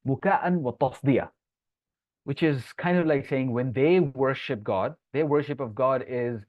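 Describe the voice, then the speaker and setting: A man teaching a live online Quran lesson. He explains each point, answers viewers' comments from the chat, and recites Arabic verses quickly between his English explanations. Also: mid-range voice, dry recording. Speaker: Islamic teacher. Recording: tinny phone-like dry sound.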